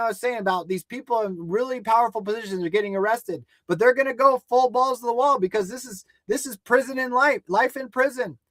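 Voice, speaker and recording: A man co-hosting a livestream news show, ranting angrily and swearing, rising to shouts at times. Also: high voice, dry recording. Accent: American. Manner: angry, profane, shouting at times. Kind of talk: heated ranting livestream commentary.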